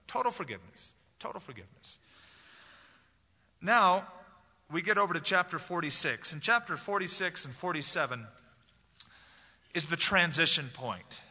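A man's voice: fairly high pitch, expressive, normal speed, sharp tone. A man preaching a conversational verse-by-verse sermon as pastor, acting out the voices of the people in the text. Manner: conversational, acts out voices of Bible characters. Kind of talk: expository sermon. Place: church sanctuary. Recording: long hall reverb.

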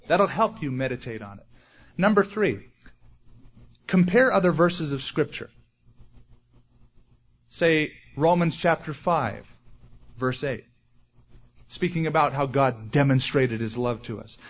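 A male pastor preaching with a fairly high, husky voice and earnest emphasis. He draws out key words slowly and pushes up in pitch and force when asking questions. The recording sounds dull and lo-fi. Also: a bit bright. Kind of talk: sermon.

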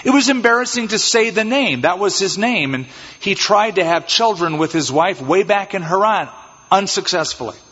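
A man preaching an expository sermon as pastor, animated and acting out little scenes in changed voices. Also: high voice, normal speed, breathy edge. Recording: dull, reverberant church hall sound.

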